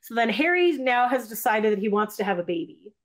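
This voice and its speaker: A woman's voice: a little high, big pitch swings, a little fast. A woman casually retelling a movie plot to friends, rambling with lots of fillers and restarts, and acting out the characters' lines. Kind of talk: casual chat.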